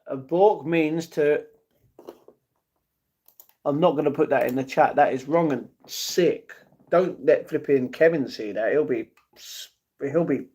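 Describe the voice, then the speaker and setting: A man's voice: fairly high pitch, a little mellow, highs cut off. A man chatting casually on his live stream, answering viewers' messages and talking to his pets between replies.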